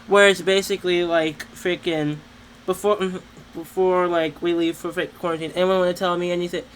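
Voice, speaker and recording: A teenager from New Jersey co-hosting a casual podcast, rambling with many restarts and breaking into loud mocking impressions. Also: mid-range voice, flat delivery, fairly quick, a little hiss or hum, poor audio. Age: teen. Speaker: podcast co-host. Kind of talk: casual chat.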